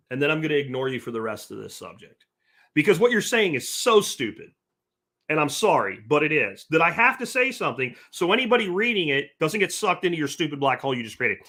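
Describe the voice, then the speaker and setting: A man's voice: a little high, very animated, brisk, sharp tone. A man hosting a livestream podcast, reading chat comments aloud and answering them in a blunt, profane rant. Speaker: podcast host.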